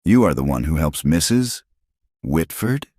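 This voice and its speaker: A man's voice: extremely low pitch, very animated, measured pace, a little mellow, dry recording, studio quality, heavily acted. A man voicing a blunt old Norwegian farm wife. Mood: stern. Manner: blunt, clipped broken English.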